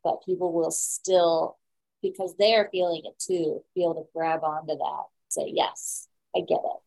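A woman's voice: deep voice, little pitch movement, moderate pace, a little mellow, no echo, rough recording. A woman co-leading a writing workshop, explaining an idea in a thoughtful, casual way. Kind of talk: casual group coaching.

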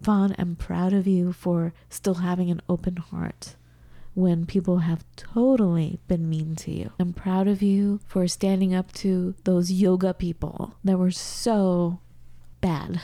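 A middle-aged woman speaks earnestly and with open emotion into a studio mic, drifting into soft whispers and small laughs. Her voice is very dark and mellow, sitting somewhat low for a woman. The sound is close and dry. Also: little pitch movement, unhurried, dry recording. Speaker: podcast co-host. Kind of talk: casual podcast talk, demonstrating an exercise. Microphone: studio microphone.

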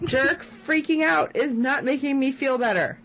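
A woman's voice: high-pitched, normal speed, highs cut off. A woman co-hosting a podcast, chatting casually as she recaps a TV episode and acts out quoted lines. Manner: animated, retells scenes with quoted lines. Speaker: podcast co-host.

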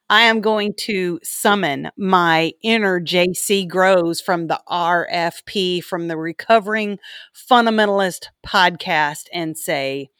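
A woman hosting a podcast in casual chat, playful and bubbly, with quick asides to her co-host. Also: mid-range voice, a bit bright, smooth, no room sound, clean studio sound.

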